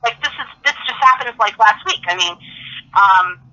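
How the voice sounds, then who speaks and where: A woman's voice: a little high, expressive, normal speed, pushed and bright. A middle-aged woman guest telling stories chattily over the phone, acting out the dialogue she quotes. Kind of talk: casual phone interview storytelling. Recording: dull phone-line audio.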